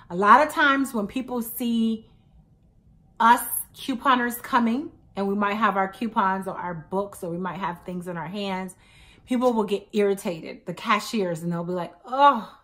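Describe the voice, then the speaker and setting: A woman's voice: mid-range voice, a bit bright. A woman in her thirties chatting to camera as a couponing vlogger, telling stories with emphatic asides. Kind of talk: casual chat to camera.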